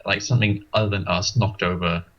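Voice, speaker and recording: A man playing in a tabletop game, describing his cat's actions in a rambling, halting way. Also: deep voice, steady tone, a bit bright, muffled recording. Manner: rambling, halting, many likes. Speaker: player. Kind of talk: casual tabletop role-play.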